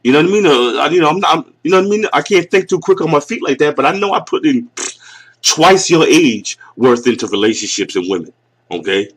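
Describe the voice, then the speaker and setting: A man in his forties with a Northeastern US accent rants bluntly and mockingly as a YouTube commentator reacting to a clip. His voice sits on the high side, animated and quick.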